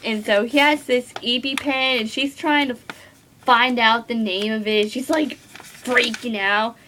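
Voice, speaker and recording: Teen girl booktuber, fairly high voice, rambling and gushy, lots of "like", faint hiss on the recording. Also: steady tone, measured pace, pushed and bright, low-quality recording. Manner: rambling and gushing, full of "like" fillers. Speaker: book vlogger. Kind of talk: casual book review.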